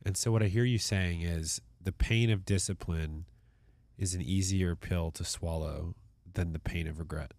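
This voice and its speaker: A man's voice: sits low, moderate pace, a little mellow, no room sound. A man co-hosting a podcast, asking probing questions and rephrasing what he hears. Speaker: podcast co-host. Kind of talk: podcast chat.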